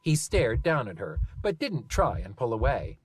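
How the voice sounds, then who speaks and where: A reader calmly narrating a novel as an audiobook, with expressive storytelling. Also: mid-range voice, normal speed, husky, no room sound.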